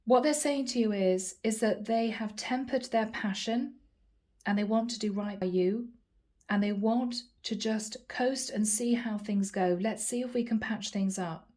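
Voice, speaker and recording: Woman doing a tarot reading for her viewers, soft mellow voice, earnest and chatty. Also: medium pitch, measured pace. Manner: earnest, addresses viewers as guys. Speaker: tarot card reader.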